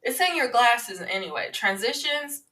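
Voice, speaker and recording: A woman's voice: fairly high pitch, expressive, moderate pace, sharp tone, distant mic, low-quality recording. A woman in her twenties hosting a casual celebrity-news podcast, rambling and chatty with lots of filler sounds. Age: 20s. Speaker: podcast host.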